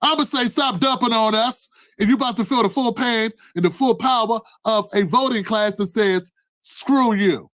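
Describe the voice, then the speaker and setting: A man giving impassioned political commentary, preachy and emphatic, rising to shouts. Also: extremely high pitch, moderate pace, hardly any pauses, no room sound.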